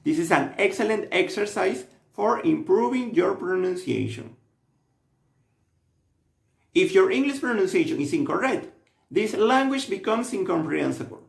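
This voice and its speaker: A man narrates a scripted language lesson in an instructive, steady way. His fairly high voice swings up and down with lively intonation. The recording carries a noticeable roomy echo. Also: moderate pace, gravelly. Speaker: language teacher.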